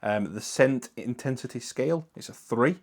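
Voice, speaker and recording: Northern english guy chatting through a product review, laid back, lots of uhs, pretty average pitch. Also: moderate pace. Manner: chatty, relaxed, with frequent ums and uhs.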